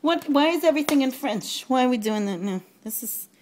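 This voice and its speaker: Man playing a loud gushing middle-aged woman, New York accent, high voice, roomy echo. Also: expressive, brisk. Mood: gushing excited. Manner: loud, gushing, swears casually. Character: brash, excitable middle-aged woman bargain hunter. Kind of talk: comedy sketch character monologue. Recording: echoey room with background noise.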